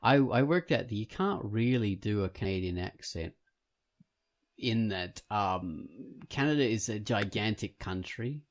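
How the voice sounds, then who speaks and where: A man hosting a podcast in casual, jokey chat, with a gravelly, husky voice. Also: on the low side, lively intonation, measured pace. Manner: jokey, laughs easily. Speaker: podcast host.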